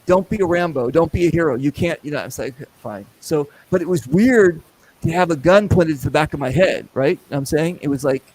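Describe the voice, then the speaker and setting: A middle-aged man hosting a casual show, telling a long story with lots of acted-out voices and quick asides. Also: fairly high pitch, low-quality recording. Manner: animated, acts out voices in anecdotes. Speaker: podcast host.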